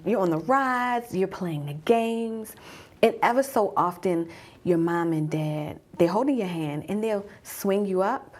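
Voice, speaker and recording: Husky woman telling a personal story. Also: medium pitch. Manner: guided-imagery storytelling, hushed at tense moments. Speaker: mom coach.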